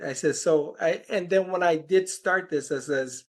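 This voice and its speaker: A man's voice: high voice, a little slow, hardly any pauses. A man talking as a guest in an interview, telling a long rambling story and quoting the people in it. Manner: rambling anecdotes, quoting conversations with "I'm like". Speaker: healer and podcast guest.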